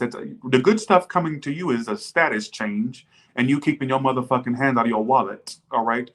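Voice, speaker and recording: A man's voice: medium pitch, a bit bright. Blunt, profane male tarot reader. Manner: blunt, profane, jumps into mocking imagined viewers. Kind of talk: casual tarot reading livestream.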